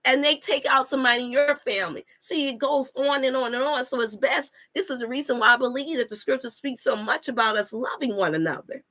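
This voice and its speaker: This wellness coach and channel host has a high, bright, forceful voice, talking a little fast with few pauses. On her live stream she preaches emphatically and repeats herself, quoting scripture and calling her viewers "y'all" and "you all."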